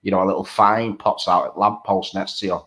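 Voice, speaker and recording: A man's voice: low-pitched, steady tone, a little fast, sharp tone. A man co-hosting a casual chat, blokey and sweary, calling people mate. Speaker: co-host. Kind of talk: casual late-night chat.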